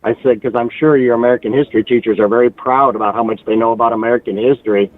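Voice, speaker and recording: A man calling in to a talk show, telling a story with animated asides and mimicking relatives. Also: medium pitch, racing. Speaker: caller. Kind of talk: casual phone-in chat. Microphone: phone. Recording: tinny phone line with faint hiss.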